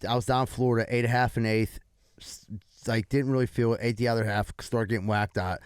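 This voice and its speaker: A young man tells a laid-back story on a podcast and swears as he goes. His pitch is ordinary, and the dry recording sounds close to the mic. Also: level tone, quick pace, clean tone, dry recording. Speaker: podcast co-host. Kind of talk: casual chat.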